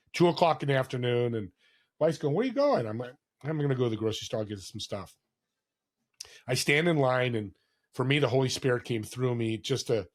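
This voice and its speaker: A man, a podcast guest, talking earnestly in a casual interview and telling stories with acted-out quotes. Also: medium pitch. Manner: earnest storytelling, acts out quoted voices.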